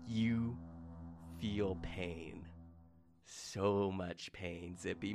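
A man's voice: on the low side, moderate pace, a bit bright. A man narrating as game master in a tabletop game, dramatic and playful.

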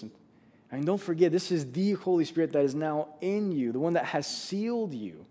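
A man's voice: a little high, expressive, brisk, dark tone. A man preaching a sermon, earnest and conversational, often restarting his sentences. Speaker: pastor.

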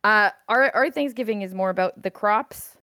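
A woman's voice: mid-range voice, moderate pace, bright, forceful tone, smooth, dry recording. A woman from Canada co-hosting a casual comedic podcast chat, blunt and teasing. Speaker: podcast co-host.

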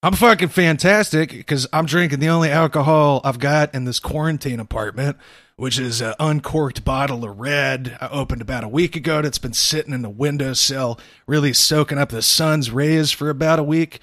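A man's voice: a little high, moderate pace, a bit bright, no echo, clean studio sound. A congested man co-hosting a podcast from his apartment, joking crudely in casual chat. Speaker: podcast co-host.

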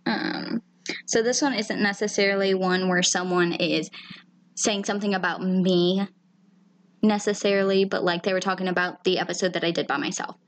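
A woman's voice: medium pitch, steady tone, moderate pace. A woman co-hosting a casual podcast, talking candidly and emotionally and swearing freely. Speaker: podcast co-host. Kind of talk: casual chat.

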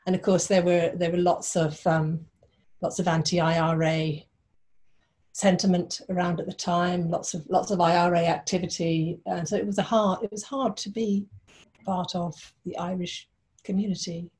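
A woman in her sixties from London, a playwright and actress, telling wry anecdotes in an interview with many pauses and fillers. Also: fairly low pitch, flat delivery, a little mellow. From London, England. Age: 60s. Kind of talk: conversational interview.

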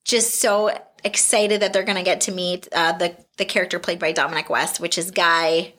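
A woman's voice: lowish voice, normal speed. A woman co-hosting a podcast, chatting casually about a film with lots of laughter and fillers. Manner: animated, laughs often, fillers. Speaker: podcast co-host. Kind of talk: casual film review chat.

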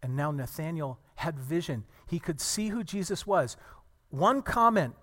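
A man preaching a sermon to a congregation, earnest and animated, telling stories and acting out the people in them. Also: on the high side, measured pace, big-room sound. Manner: earnest, animated storytelling with acted quotes.

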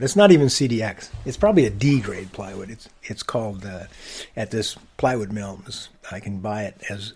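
Wry husky man telling workshop tales. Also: on the low side. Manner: wry, musing, drops to quiet asides. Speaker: podcast host. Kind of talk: reflective storytelling monologue.

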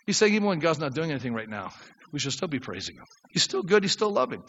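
An older man preaching a sermon as pastor, acting out prayers and swinging from quiet asides to shouts. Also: fast talker. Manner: animated preaching, acts out prayers, drops low then shouts. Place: church sanctuary. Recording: dull reverberant church recording.

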